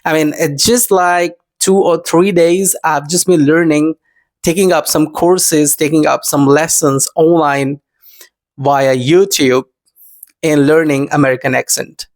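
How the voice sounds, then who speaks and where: A man's voice: a little high, fairly even intonation, a little slow. A man with an Indian accent, an English teacher talking casually to his viewers, full of fillers like "I mean" and "you know". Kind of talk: casual vlog lesson.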